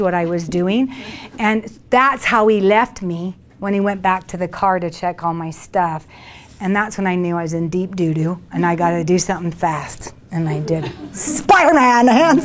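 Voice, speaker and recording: A woman leading a workshop tells stories to a small group in a chatty, animated way. She acts out what she once said and laughs along with the room. Her voice sits in a middle range. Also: mid-range voice. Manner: chatty, animated, laughs while acting out her own past words. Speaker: workshop leader. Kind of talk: storytelling talk to a group.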